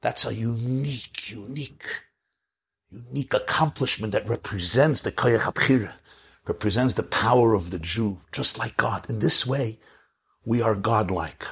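A man teaching a Torah lecture as a rabbi, animated, swinging between soft asides and emphatic declarations. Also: on the low side, normal speed, gravelly, breathy edge.

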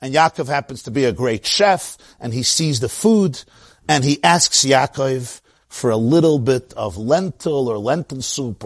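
A man with a Brooklyn accent giving an animated Torah lecture, acting out the voices in the stories he tells. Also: medium pitch, no room sound. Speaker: teacher of Torah.

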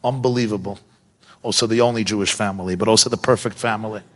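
Animated male preacher in a reverberant hall. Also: fairly low pitch, fast talker. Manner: animated, rhetorical questions, chuckles. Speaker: Torah teacher. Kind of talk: sermon-style Torah class.

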